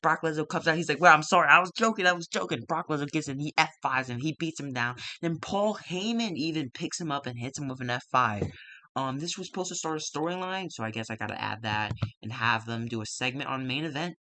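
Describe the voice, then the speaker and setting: Bright-voiced man recapping a wrestling sim. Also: mid-range voice, a little fast, dry recording. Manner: rambling, filler-heavy, offhand swearing. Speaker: wrestling sim game player recapping a show. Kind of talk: casual game commentary.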